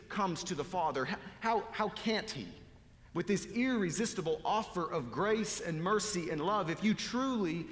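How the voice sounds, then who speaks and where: Earnest preacher in an echoey hall. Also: male voice, lively intonation, moderate pace. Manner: earnest preaching, drops low and soft at phrase ends. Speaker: pastor. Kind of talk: sermon. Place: church sanctuary. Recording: echoey hall with long reverb.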